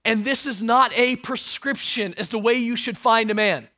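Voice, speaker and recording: A man preaching a sermon with a high, bright voice that moves from loud emphatic passages down to near-hushed lines. He throws in joking asides for the congregation. The sound is dry and close, with little room around it. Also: moderate pace, no room sound. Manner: animated, swings from loud emphasis to hushed tones. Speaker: pastor.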